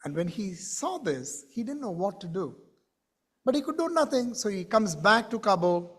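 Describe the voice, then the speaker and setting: A man telling a story to a conference audience in an animated way, with questions to the crowd. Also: sits high, normal speed, breathy edge. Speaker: keynote speaker. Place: conference stage.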